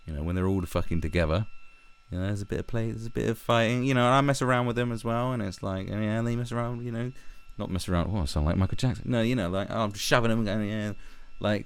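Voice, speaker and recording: A man's voice: on the low side, clean tone. A man giving a profane, mocking, rambling commentary as the host of his own vlog. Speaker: online commentator.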